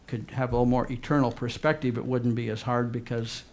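A man preaching a fervent sermon as pastor, swinging between loud urgent emphasis and quiet low asides. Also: level tone, brisk.

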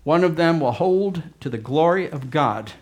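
A man preaching a fervent sermon as pastor, swinging between loud urgent emphasis and quiet low asides. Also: expressive, normal speed.

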